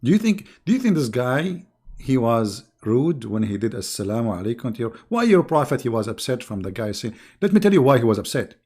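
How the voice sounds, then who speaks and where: Brisk, very animated, and mellow, a mid-range male voice mocks and snipes through a livestream commentary monologue. The host is sarcastic throughout and keeps clearing his throat.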